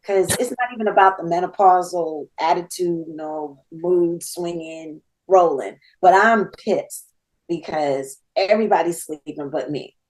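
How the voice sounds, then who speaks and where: A woman's voice: fairly low pitch, a little slow, poor audio. Fifty-something woman telling a wild story on a podcast, laughing, doing all the voices. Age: 50s. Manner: animated, laughing storyteller acting out dialogue. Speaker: podcast guest. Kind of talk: casual storytelling.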